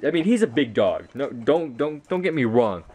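A man's voice: mid-range voice, big pitch swings, normal speed, darkish tone. A teenage boy chatting casually in a home vlog, rambling and mocking himself, tired after sports practice. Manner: rambling, self-mocking, many fillers. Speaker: vlogger.

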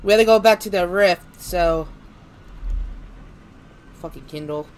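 A man's voice: high voice, unhurried. A man streaming a horror game live, muttering to himself and breaking into panicky, swearing outbursts. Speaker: gaming streamer.

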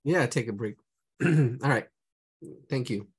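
A man teaching a live online drawing class, chatting casually and humming to himself as he sketches, his voice going and his throat clearing often. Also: medium pitch, slow pace. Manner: casual, hums and talks to himself while sketching.

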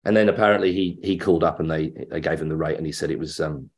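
A middle-aged actor interviewed as a guest, telling anecdotes in a lively way and acting out the voices of the people in them. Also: male voice, extremely low pitch, fast talker.

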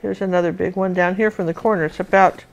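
A woman's voice: lowish voice, steady tone, fast talker, creaky. A woman teaching a live painting lesson, chatting and thinking aloud as she works.

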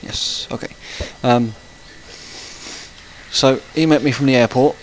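A man's voice: mid-range voice, steady tone, slow, slight background noise, poor audio. A man giving casual let's-play commentary, rambling and chatty and breaking off to react to the game. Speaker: gaming channel host.

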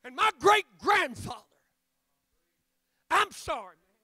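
Preacher doing a fired up old farmer, yelling slow threats, bright high voice. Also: male voice, very animated, no room sound, clean studio sound, heavily acted. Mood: defiant. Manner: shouting warnings, drawn out. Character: defiant old male farmer warrior.

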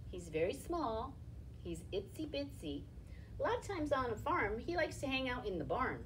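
A woman's voice: fairly high pitch, distant mic, a little hiss or hum. A woman leading a library storytime for toddlers, singing nursery rhymes and cheering the children on in a sing-song voice. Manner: sing-song, encouraging, speaks to small children. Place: library room, indoors.

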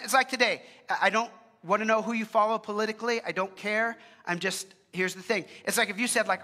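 A man leads prayer and preaches in an easy, conversational way, earnest but quick to joke, often restarting his sentences. His voice sits high and sounds bright and forward. The long reverb of a church sanctuary trails behind every phrase. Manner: earnest, joking asides, frequent restarts. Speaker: pastor. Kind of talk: casual conversational sermon with prayer.

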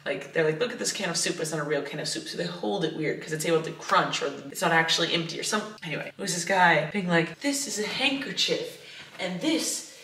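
A woman vlogs at home in a fairly low voice, chatty and self-deprecating, wandering off into asides. She sits a little back from the camera mic, so the room rings around her, and a faint hiss runs underneath. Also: expressive, fairly quick, sharp tone. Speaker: vlogger. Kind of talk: casual chat to camera. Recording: roomy, distant camera mic.

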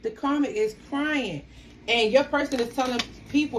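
A woman's voice: high voice, moderate pace, a little hiss or hum. A woman giving a casual tarot reading, talking emphatically to viewers. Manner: animated, emphatic, talks back to the cards. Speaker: tarot reader.

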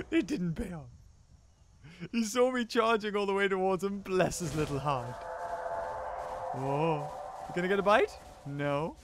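A young man giving excited commentary while playing a survival game, laughing often and putting silly lines in the creatures' mouths. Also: sits high, slight background noise. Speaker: gaming YouTuber. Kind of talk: let's play commentary. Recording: game music behind.

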